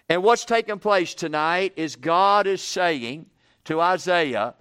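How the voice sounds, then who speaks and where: A man preaching revival in a smooth, resonant voice pitched a little high. He calls "amen?" to the congregation. He builds to loud, drawn-out emphasis. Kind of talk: revival sermon.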